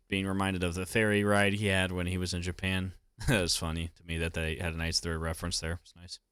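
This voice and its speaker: Young guy, low voice, loose rambling anime commentary full of ums and swearing, dry close mic. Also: a bit bright, no echo. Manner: rambling, filler-heavy, swears casually. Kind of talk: casual reaction commentary.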